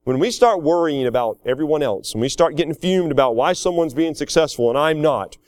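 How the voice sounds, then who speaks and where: A male pastor preaching in a folksy, animated way, breaking into small laughs. His voice sits a bit high for a man. The sound is close and dry, with no room around it. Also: brisk, no echo. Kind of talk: sermon.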